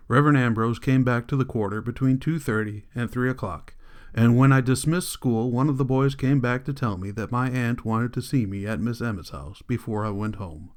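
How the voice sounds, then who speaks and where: Man narrating an audiobook calmly. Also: mid-range voice. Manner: calm, steady storytelling.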